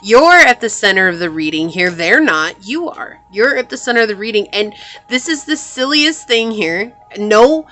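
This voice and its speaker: A woman's voice: mid-range voice, lively intonation, normal speed, sharp tone. A woman giving a pick-a-card tarot reading in a chatty, reassuring way, full of "like" and "you know". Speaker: tarot reader.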